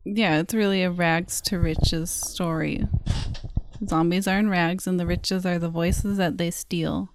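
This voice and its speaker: A woman's voice: fairly low pitch, steady tone, measured pace, noisy background. A woman co-hosting a comedy podcast, riffing playfully in improvised banter into a close mic.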